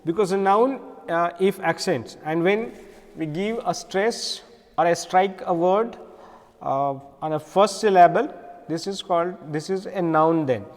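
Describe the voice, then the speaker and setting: This fairly high-voiced English teacher, a man with an Indian accent, lectures his class with patience. Key words get repeated, and fillers mark his frequent pauses. The room gives his voice a long reverb.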